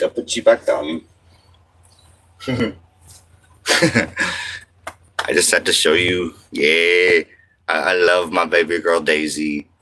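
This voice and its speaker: A French Canadian livestream host in his thirties talks casually in a deep, sharp voice. He rambles and reads viewer comments aloud.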